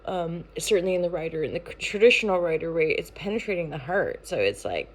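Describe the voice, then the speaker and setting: A woman who founded her own channel gives a casual daily tarot reading, talking fast in a playful, rambling way full of fillers and restarts. Her voice is fairly low and animated.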